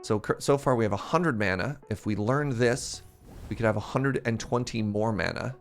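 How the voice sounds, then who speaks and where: A man live-streaming a game, telling a story in a chatty, animated way and laughing at himself. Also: fairly low pitch, normal speed. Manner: animated storytelling, self-mocking, laughs often. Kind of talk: casual live-stream chat. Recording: faint game music behind.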